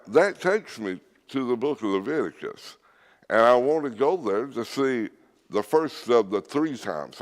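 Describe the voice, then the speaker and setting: A man preaching an earnest sermon to a church audience, stressing his points and reading scripture aloud. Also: medium pitch. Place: church hall. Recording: reverberant church hall.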